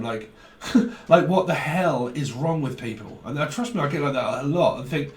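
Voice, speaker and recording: A man giving a casual, rambling tarot reading, animated and full of slang and swearing. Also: medium pitch, normal speed. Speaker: tarot reader. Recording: roomy sound from a mic at a distance.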